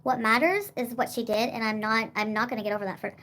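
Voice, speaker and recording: High-voiced rambling young woman streamer. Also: fast talker, a bit bright, slight background noise. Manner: rambling, full of "like" and swearing. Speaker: livestreamer. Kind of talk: casual livestream chat.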